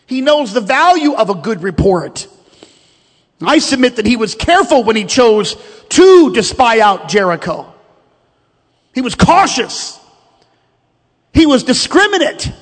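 A man with a strikingly high voice delivers a sermon from the pulpit, calling his congregation to repeat declarations with him. His words ring out with a long church-hall reverb. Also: very animated, a little slow, long pauses. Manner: preaching with call-and-response, leading the congregation in repeated declarations. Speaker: pastor. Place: church sanctuary.

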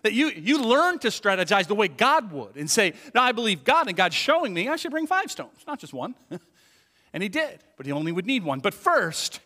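A male pastor preaching with a high, bright voice that leaps around in pitch. He jokes and acts out the voices of the people in his story. The sound rings with a long hall reverb. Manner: animated, joking, acts out quoted voices. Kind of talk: sermon.

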